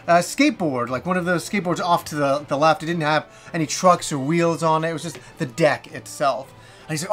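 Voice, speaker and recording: High-voiced man telling a story. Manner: animated, swears freely, laughs while telling. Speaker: vlogger. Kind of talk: casual storytelling to camera.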